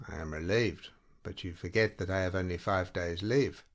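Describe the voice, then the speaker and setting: A man's voice: low voice, normal speed. A man reading as a weary, ironic army officer. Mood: dry. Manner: dead, even tone with dry irony.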